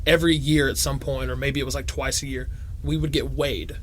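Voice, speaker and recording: A man's voice: mid-range voice, little pitch movement, a little fast, a little hiss or hum. A man in his twenties co-hosting a comedy podcast, chatting loosely with self-deprecating humor and plenty of swearing. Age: 20s. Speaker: podcast co-host. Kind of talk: casual comedic chat.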